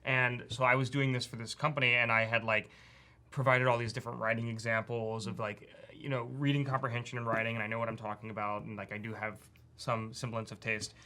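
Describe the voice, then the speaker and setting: A man with a bright, mid-pitched voice chats on a studio panel. He talks in an animated, teasing way and often restarts his sentences. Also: brisk. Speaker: co-host. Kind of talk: casual panel chat.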